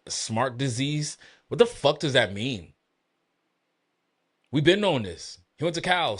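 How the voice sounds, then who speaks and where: A man hosting a podcast, ranting heatedly and profanely about sports with loud emphatic outbursts. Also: mid-range voice. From Boston area. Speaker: podcast host. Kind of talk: solo sports rant.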